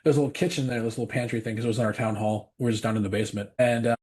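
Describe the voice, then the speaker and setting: A man talks quickly in a husky voice, telling a personal story as a podcast guest. He is earnest and rambling, circling back with repeated phrases as he goes. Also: mid-range voice, steady tone, a little mellow.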